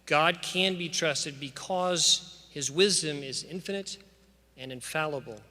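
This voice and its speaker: Long church-hall reverb surrounds a school official's commencement address to graduates. In a slightly high, pushed, bright voice, he quotes scripture with earnest emphasis and the rhythm of a preacher.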